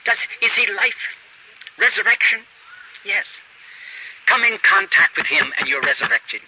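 A man's voice: high-pitched, very animated, measured pace, pauses often, bright, forceful tone, husky. A man preaching a sermon, telling a story and acting out the characters' dialogue, on a dull lo-fi recording with faint hiss.

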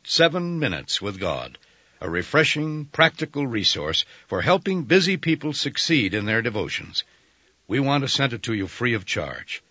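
Bright, husky male radio announcer. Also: medium pitch, dry recording. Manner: polished, promotional. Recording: dry, dull lo-fi radio broadcast.

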